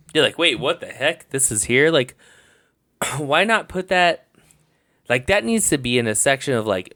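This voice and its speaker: Podcast guy, bouncy lively voice, jumps in to argue. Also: mid-range voice. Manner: animated, quick to push back. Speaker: podcast co-host. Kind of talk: casual podcast chat about a tabletop game.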